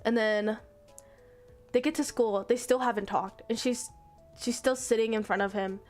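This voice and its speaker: Young woman, high pitched, rambling casual storytelling, swears offhand, faint music under. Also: moderate pace. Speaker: streamer. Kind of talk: casual retelling of an anime plot.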